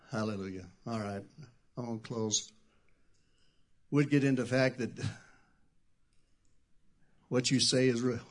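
In a mid-range voice, a middle-aged pastor preaches conversationally. He shifts back and forth between quiet comments and loud shouted bursts.

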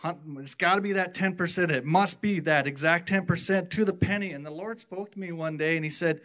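A man from the worship team giving a personal testimony at church, rambling and halting with many restarts. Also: on the high side, fairly bright tone.

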